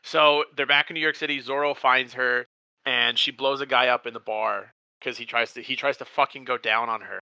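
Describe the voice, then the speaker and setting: A man co-hosting a casual movie chat, with a very bright, forceful voice. He talks animatedly and leaps up in pitch when he acts out characters. The sound is close and dry. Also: steady tone, moderate pace, gravelly, dry recording. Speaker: podcast co-host.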